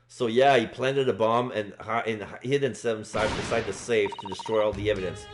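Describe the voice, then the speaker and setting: A man's voice: fairly low pitch, brisk, few pauses, over music. A man casually commenting on a game while streaming live, rambling with fillers. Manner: casual, lots of fillers and restarts.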